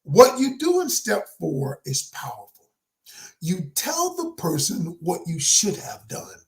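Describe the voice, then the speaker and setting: A man's voice: high-pitched, wildly swooping pitch, takes it slowly, gravelly. A man speaking as a communication coach, teaching in an emphatic, preacher-like motivational style, often raising his voice.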